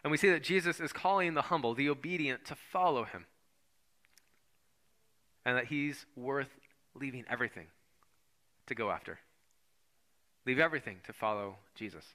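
A man's voice: mid-range voice, lively intonation, moderate pace, long pauses, sharp tone. A man preaching a conversational sermon, sometimes acting out voices of the people in the story. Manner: conversational, acts out voices of the Bible figures. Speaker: pastor.

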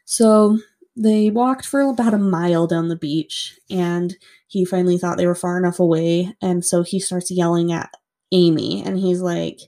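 A woman with a somewhat low, warm, mellow voice tells a true-crime story in a loose, conversational way. She fills her talk with "like" and swears without hesitation. The delivery is relaxed chat between co-hosts rather than scripted narration. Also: moderate pace. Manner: chatty, lots of "like", swears freely.

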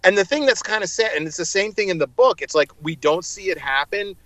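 A man's voice: high voice, expressive, a little fast, fairly bright tone, no echo, poor audio. A man co-hosting a casual chat, animatedly retelling scenes and acting out the quoted lines. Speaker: podcast co-host.

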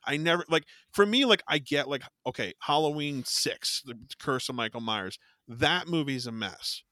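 A man's voice: on the high side, animated, moderate pace, bright, forceful tone, no room sound, studio quality. Swearing, rambling podcast co-host man. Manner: rambling, restarts often, swears casually. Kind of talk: casual chat.

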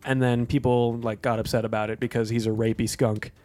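An American man co-hosting a podcast, chatting casually about movies with rambling, deadpan jokes. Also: medium pitch, brisk. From United States. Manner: joking, rambling, deadpan asides. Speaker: podcast co-host.

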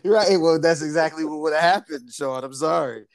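Gravelly-voiced laid-back podcast host man. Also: a little high, fairly quick, crowd noise. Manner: laid-back, repeats phrases, laughs easily. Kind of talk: casual chat.

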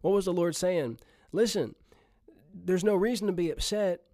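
A man's voice: high voice, normal speed, mellow, dry recording, clean studio sound. A man preaching a sermon in an earnest, conversational way, often chuckling as he speaks.

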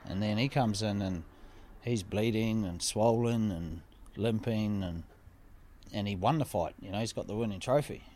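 A man's voice: on the low side, normal speed, darkish tone, a little hiss or hum. A man telling a personal story in a casual chat, vivid and repetitive, swearing freely. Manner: vivid, swearing, repeats phrases for effect.

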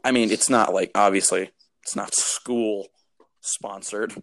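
A young man co-hosting a casual podcast, talking in halting, rambling bursts with many restarts. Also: on the low side, steady tone, creaky, a bit bright, no room sound. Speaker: podcast co-host. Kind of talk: casual chat.

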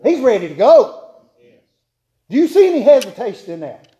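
Male preacher, high voice, homespun humor, hammers key lines by repeating them. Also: sing-song, moderate pace, dark tone, lo-fi sound. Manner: homespun, joking, repeats key phrases for emphasis. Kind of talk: folksy sermon to a congregation.

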